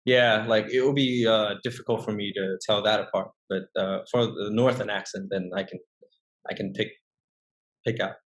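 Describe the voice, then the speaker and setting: A young man from northern Vietnam with a Vietnamese accent, chatting as an interview guest, often pausing and restarting his sentences. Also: lowish voice, fairly even intonation. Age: young adult. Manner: hesitant, many restarts and fillers. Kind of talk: casual interview chat.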